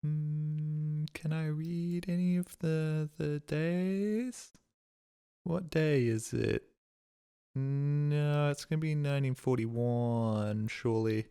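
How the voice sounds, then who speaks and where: A man's voice: a little high, slow, mellow, clean tone. A male streamer giving casual gaming commentary, thinking aloud, swearing freely and bragging.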